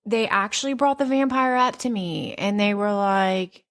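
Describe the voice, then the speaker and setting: A woman in her thirties hosting a podcast, telling stories in a candid, profane, animated casual chat. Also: medium pitch, moderate pace, few pauses. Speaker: podcast host.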